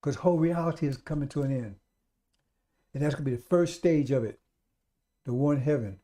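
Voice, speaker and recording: This live radio sermon comes from a man whose mid-range voice is mellow and whose pace is brisk. Again and again he presses his audience with urgent appeals, calling them brothers and sisters.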